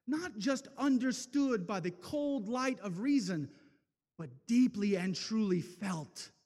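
A man preaching an impassioned sermon, swinging from loud declarations to hushed, slow passages. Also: high voice, long reverb tail. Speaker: speaker at a men's event.

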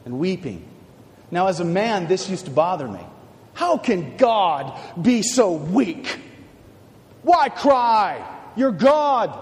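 A male preacher giving a dramatic sermon, swinging from hushed words to shouts. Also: sits high. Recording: long hall reverb.

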